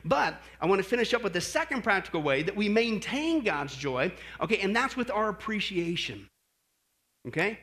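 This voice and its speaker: Man, pastor, sermon, high voice, lively swinging pitch, questions to congregation. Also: normal speed. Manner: animated, exclaims and asks the congregation questions; friendly asides with "okay?" and light joking.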